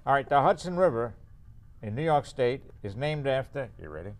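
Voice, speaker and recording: A man's voice: medium pitch, expressive, brisk. A man hosting a local variety show, teasing his guests with constant jokes and laughter. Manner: teasing, wisecracking, laughs often. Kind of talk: joking local cable show banter. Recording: faint room noise.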